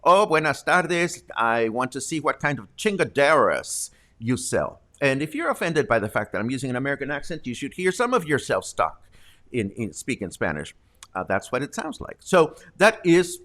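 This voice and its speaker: A man's voice: medium pitch, fairly bright tone. A man hosting a local talk show, casually explaining slang with jokes and asides. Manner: chatty, joking, explains slang.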